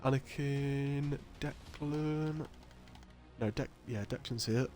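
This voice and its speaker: A man's voice: mid-range voice, slow pace, darkish tone, soft background music. Man, league stream host, loose and jokey, curses a lot, laughs easily. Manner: chatty, laughs often, swears, reads chat aloud. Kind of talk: casual live-stream commentary.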